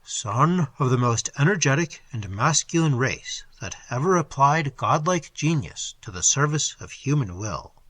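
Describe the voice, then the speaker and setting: A mysterious stranger delivers grave warnings in slow, archaic speech, as a man reading the tale puts him on. His tone is husky and bright, with a wide, shifting melody. The recording is close and dry. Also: mid-range voice, dry recording, full character voice. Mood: solemn. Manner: solemn, prophetic, measured. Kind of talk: audiobook character voice.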